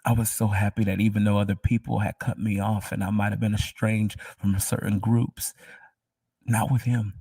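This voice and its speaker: Husky, low-voiced man giving a quiet testimony. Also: little pitch movement, no echo, far from the mic. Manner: emotional, halting, drops to a near whisper. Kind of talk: personal faith testimony.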